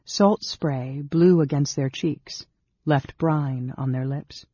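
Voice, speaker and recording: A man giving a steady, measured audiobook reading of a fantasy novel. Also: a little high, husky, no room sound. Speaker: audiobook narrator. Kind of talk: scripted narration. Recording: dull, dry studio sound.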